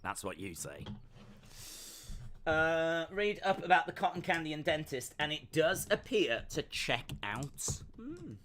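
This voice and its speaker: A man's voice: a little high, a bit bright. A man hosting a fight-night watch-along stream, chatting casually, reading chat messages and making jokey asides.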